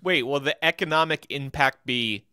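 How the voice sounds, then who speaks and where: A man's voice: fairly high pitch, moderate pace, bright, forceful tone, smooth, dry recording. A man co-hosting a comedy podcast, easygoing as he steers the segments, on a close, dry mic. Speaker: podcast co-host. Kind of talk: casual comedic banter.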